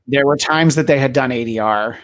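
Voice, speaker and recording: A man's voice: medium pitch, fairly quick, no echo. A man hosting a podcast, chatting casually about movies and often stumbling over his words in restarts. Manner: hesitant, many restarts and fillers. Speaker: podcast host.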